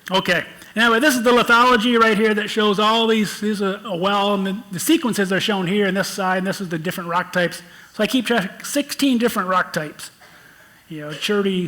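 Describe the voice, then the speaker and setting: Man, Michigan accent, higher register, relaxed conversational lecturer walking through slides. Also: poor audio. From Michigan, United States. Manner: conversational, explains slides, repeats words. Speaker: geologist giving a talk. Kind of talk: lecture presentation.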